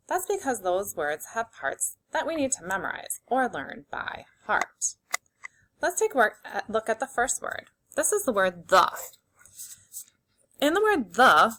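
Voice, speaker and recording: A woman teacher leading a phonics lesson for young children, slowly sounding out words and giving simple, encouraging instructions. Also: fairly high pitch, bright, forceful tone, a little hiss or hum. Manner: slow, clearly segmented sounding-out of words.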